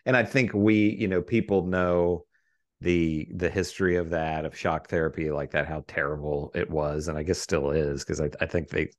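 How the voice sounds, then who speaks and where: Low-voiced man, easygoing film chat. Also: fairly even intonation, moderate pace, dry recording. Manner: easygoing, thinks aloud with hedges. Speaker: film podcast co-host. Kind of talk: casual film review chat.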